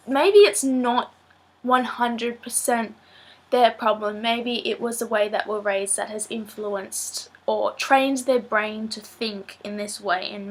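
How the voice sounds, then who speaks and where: A teenage girl with a somewhat high voice, talking casually to her camera. She sounds nasal and stuffy from a blocked nose and a sore throat. She rambles along in a chatty way, filling pauses with ums. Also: a bit bright. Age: late teens. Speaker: student vlogger. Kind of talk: casual vlog talk to camera.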